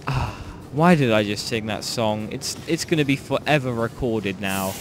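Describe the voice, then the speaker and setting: A man's voice: medium pitch, animated, moderate pace, a little hiss or hum. A young man from Ireland chatting casually while playing a game, rambling and joking, often trailing off mid-sentence. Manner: rambling, jokey, trailing off and restarting. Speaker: gaming channel host. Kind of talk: casual gameplay chat.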